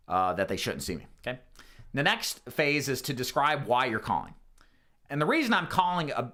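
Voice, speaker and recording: Guy walking through a sales script, bouncy pitch, bright forceful tone, reads the sample lines out loud. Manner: explains a phone script, acting out sample lines. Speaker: insurance sales trainer. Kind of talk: sales training walkthrough.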